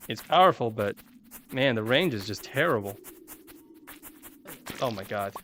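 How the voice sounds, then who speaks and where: An animated, unhurried man streams gameplay and chats with viewers via a desk microphone, rambling along with long pauses and self-deprecating remarks. His voice is mid-range and a bit bright. There's slight background noise.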